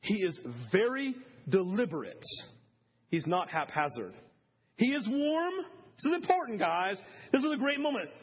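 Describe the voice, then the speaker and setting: Husky man preaching, swinging hushed to loud. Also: high voice, sing-song, moderate pace. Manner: many fillers like "like" and "listen". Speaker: pastor. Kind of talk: sermon. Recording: dull lo-fi sermon audio.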